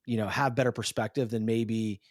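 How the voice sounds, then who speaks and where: This podcast host, a man in his thirties, speaks on the low side at a brisk pace, captured at studio quality with no echo. He chats casually in an interview, animatedly telling stories and acting out quotes.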